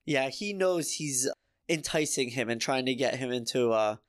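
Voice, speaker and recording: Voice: medium pitch, expressive, normal speed. A podcast co-host in a casual book discussion, talking about the story in an earnest, emotionally invested way.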